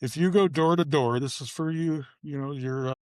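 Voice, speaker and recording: Middle-aged man, podcast co-host, a bit high-pitched, cursing and animated, dry studio mic. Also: normal speed, no room sound. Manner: profane, animated storytelling with sudden pitch jumps. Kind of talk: casual ranting chat.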